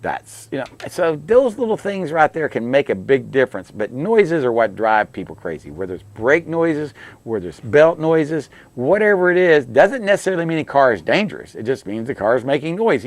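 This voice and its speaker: A man's voice: medium pitch, animated, brisk, no echo. A middle-aged man in a plain mid-range voice, talking through car repairs in a folksy, down-to-earth way and often repeating himself. The sound is dry and close, with no room around it. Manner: folksy, repetitive, plain-spoken advice. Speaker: radio show host, auto technician. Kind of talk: call-in radio car advice.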